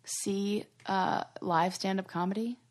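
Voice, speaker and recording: A woman's voice: mid-range voice, steady tone, slow pace. Woman cohost just chatting, throws out her own theories, easygoing mid voice. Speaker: podcast co-host. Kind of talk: casual chat.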